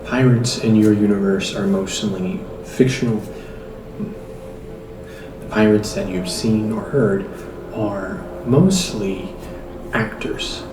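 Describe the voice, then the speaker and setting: A man's voice: on the low side, fairly even intonation, measured pace, pauses often. Man mock-lecturing, distant roomy sound. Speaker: host. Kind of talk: mock tutorial. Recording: roomy, distant mic with music.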